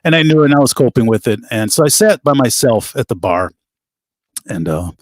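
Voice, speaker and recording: Middle-aged musician guest, chatty and animated, dry close mic, lively pitch. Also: male voice, brisk, no room sound. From United States. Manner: animated anecdotes with laughs and quoted voices. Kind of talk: casual storytelling interview.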